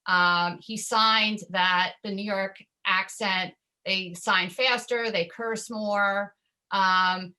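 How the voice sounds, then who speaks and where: A woman's voice: medium pitch, sharp tone. A woman speaking as a panelist in an online discussion, chatty and piling up several points at once.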